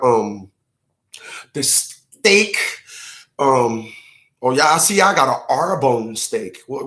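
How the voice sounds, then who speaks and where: Bright, punchy guy ranting on his stream, acts out little skits, echoey room. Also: on the high side. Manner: emphatic, acts out mock dialogues, laughs at own jokes. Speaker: commentary show host. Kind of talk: animated opinion monologue. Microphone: livestream setup.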